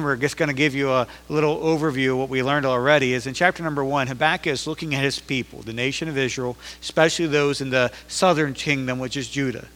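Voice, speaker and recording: A man's voice: medium pitch, sharp tone. A man preaching a sermon as pastor, reading scripture aloud and growing emphatic as he preaches. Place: church sanctuary. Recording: echoey hall reverb.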